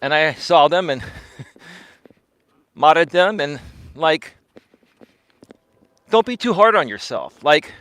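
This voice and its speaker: A man hosts a live stream as he walks, coaching and talking straight to his viewers. His voice sits a little high and sounds dry and close. He leans hard on words, repeats himself and keeps checking in with "right?". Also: very animated, slow pace, long pauses, fairly bright tone, no echo. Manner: emphatic, repeats words, tags lines with "right?", laughs often. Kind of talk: casual livestream monologue. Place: walking outdoors during a live stream.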